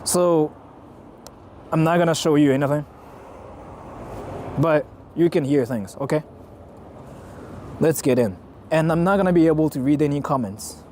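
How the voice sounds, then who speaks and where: A man live-streaming outdoors on a city street, chatting casually in an excitable, self-mocking way and swearing freely, recorded on a handheld camera. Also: a little high, normal speed, pauses often, a little hiss or hum. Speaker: IRL streamer.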